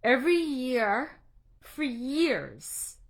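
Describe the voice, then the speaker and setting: A woman's voice: high voice, sing-song, drawn-out words. A middle-aged woman coaching on anxiety, talking directly to her group on a livestream in an earnest, slightly preachy way, emotional and close to tears. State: tearful, emotional. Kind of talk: casual livestream talk to a group.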